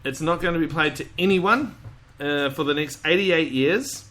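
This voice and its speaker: A man's voice: on the high side, moderate pace, sharp tone. A man hosting a podcast, chatting casually and rambling, with loose swearing and frequent laughter. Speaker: podcast host. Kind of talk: casual chat.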